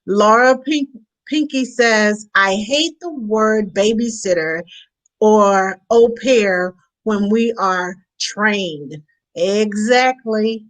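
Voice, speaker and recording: A woman's voice: mid-range voice, poor audio. A woman hosting a casual live chat, reading viewer comments aloud and stumbling over names. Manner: reads names haltingly, apologetic.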